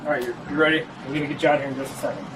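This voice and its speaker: A man's voice: fairly high pitch, flat delivery, rapid-fire. A man working as a police officer, firmly and procedurally reading a court notice to a detained woman at a gas station. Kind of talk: bodycam exchange. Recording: noisy body camera audio from a distance.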